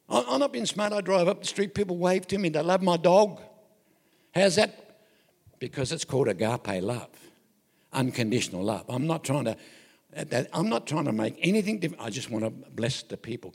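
Gravelly older Australian preacher, lively. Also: male voice, medium pitch, long reverb tail. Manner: folksy and joking, with self-interruptions. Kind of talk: anecdotal sermon.

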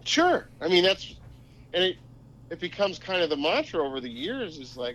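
A man in his forties from Minnesota, a podcast guest telling sports stories in a casual, animated way. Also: measured pace, slight background noise, poor audio. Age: 40s. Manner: animated storyteller, pitch jumps when excited. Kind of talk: casual chat.

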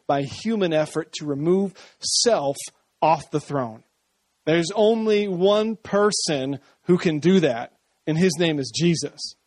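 A man preaching a sermon in a conversational, animated way, often acting out voices. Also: fairly high pitch, no echo.

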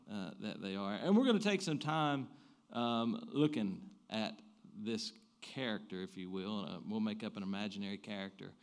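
A man, preaching a sermon. He swings between loud emphatic bursts and quiet low asides, and often restarts his phrases. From American South. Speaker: pastor.

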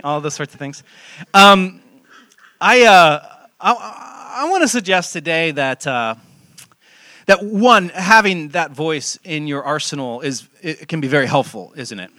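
A young man, a pastor, giving a relaxed, joking sermon with lots of fillers and restarts, asking the congregation questions. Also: a little high, no room sound, studio quality. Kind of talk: casual sermon with audience interaction. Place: church hall. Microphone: handheld mic.

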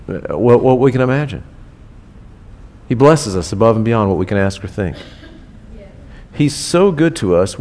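A man's voice: mid-range voice, darkish tone. A man preaching a sermon in a casual, conversational way, repeating key phrases for emphasis. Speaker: pastor. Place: church.

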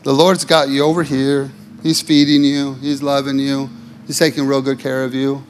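A pastor gives a sermon at normal speed with little pitch movement, though his rhythmic, repetitive delivery still shifts from impassioned highs to sudden quiet lows for emphasis. A slight hiss or hum sits under the recording.

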